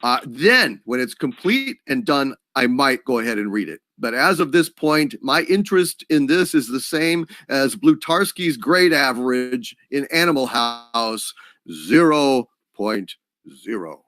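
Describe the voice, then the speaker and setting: A man's voice: mid-range voice, animated, a little slow, hardly any pauses, bright, forceful tone, no room sound, clean studio sound. A man co-hosting a live stream, who talks in a blunt, profane way. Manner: blunt and profane, with sudden laughs. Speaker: co-host. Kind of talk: casual live stream chat.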